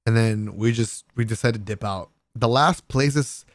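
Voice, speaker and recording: A young man casually telling the story of a trip in a vlog voice-over, excitable and full of slang, sometimes breaking into laughs. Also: unhurried, dry recording, studio quality. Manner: animated, laughing, swearing, mimics friends in raised pitch. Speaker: vlogger.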